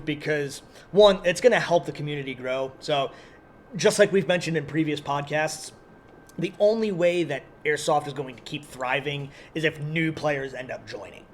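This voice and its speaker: A man on a casual podcast, promoting sales and programs in a relaxed, teasing way. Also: fairly high pitch, slight background noise. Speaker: podcast co-host at an airsoft field.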